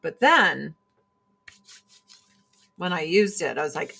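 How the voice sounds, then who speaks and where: In a slow, mid-range voice with vocal fry and long pauses, a woman runs a casual product-selling livestream. She rants profanely and with energy, mimicking people in sneering voices.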